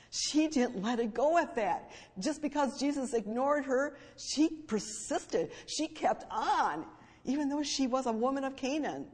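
A woman preaching a sermon and reading scripture, emphatic, moving between hushed and loud fervent stress. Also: on the high side, slightly rough. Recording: long hall reverb.

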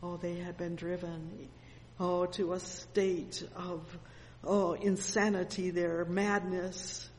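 Slow, fervent woman preaching in a hall. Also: on the low side, flat delivery, a little mellow, a little hiss or hum. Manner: fervent, frequent exclamations of "oh" and "amen". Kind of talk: sermon. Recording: long hall reverb with faint ambience.

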